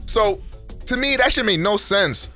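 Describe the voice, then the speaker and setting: A young man rambles through a slang-heavy, profane comedic rant about games into a studio microphone. His voice sits a little high and is bright and animated, with its pitch bouncing around a lot. Faint music plays underneath. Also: unhurried. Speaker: gaming YouTuber. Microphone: studio dynamic microphone.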